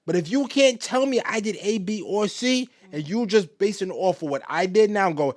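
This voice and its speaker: A man on a casual podcast, talking in a reflective, measured way and dropping low and quiet to make a point. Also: animated, no echo, clean studio sound. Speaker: podcast guest. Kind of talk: casual chat.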